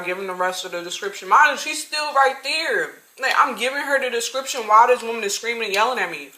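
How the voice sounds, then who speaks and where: A woman in her twenties telling a story-time tale to her viewers, animated and talking straight to them. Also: fairly high pitch, fairly quick. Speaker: vlogger. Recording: roomy echo.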